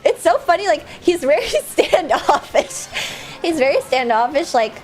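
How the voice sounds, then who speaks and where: A woman streamer chatting casually and rambling with lots of fillers, breaking into sudden loud outbursts while she plays a game. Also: high voice, sing-song, unhurried, soft background music. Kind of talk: casual live-stream chat while gaming.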